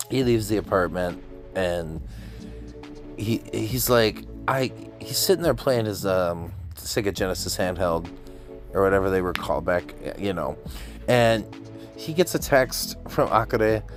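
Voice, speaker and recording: A man with a low voice talks through an anime episode in an easygoing, chatty way. He gets excited as he tells it and drops into brief voices for the characters. Faint music plays under him. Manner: excited, chatty retelling with laughs and quick quoted voices. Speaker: anime reviewer. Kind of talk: casual episode recap.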